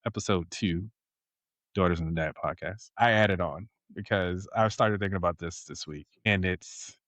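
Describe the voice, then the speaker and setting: Laid-back dad, low voice. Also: male voice, moderate pace, fairly bright tone, no echo. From rural Virginia, USA. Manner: laid-back, joking, chuckles often. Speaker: podcast host and father. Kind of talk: casual family podcast chat.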